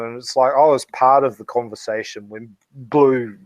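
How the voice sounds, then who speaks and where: A man's voice: medium pitch, fairly even intonation, normal speed, dry recording. A man hosting a casual online hangout, talking bluntly with plenty of swearing and laughing between points. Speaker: host of a hangout. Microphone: home computer mic.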